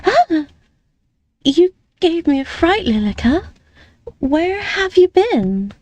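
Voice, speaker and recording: A woman voicing a sweet, naive, sheltered young lady of the house, gentle and trusting in manner. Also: extremely high pitch, sing-song, slow pace, dry recording, voice pushed up, heavily acted. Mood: cheerful.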